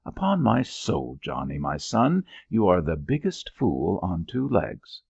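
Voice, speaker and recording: A man's voice: low voice, big pitch swings, measured pace, creaky, slightly rough, no echo, muffled recording, exaggerated voice. A man voicing a weary, scolding old widowed landlady who nags sharply. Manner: nagging, sharp-tongued.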